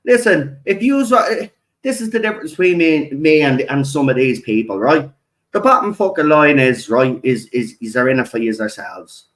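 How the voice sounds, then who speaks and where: A man's voice: on the high side, lively intonation, normal speed, a bit bright, poor audio. An Irish man with a channel, delivering an angry, profane rant to camera and tagging "right?" onto his lines. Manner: heavy swearing, repeats "right?". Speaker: video channel host. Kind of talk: angry ranting monologue.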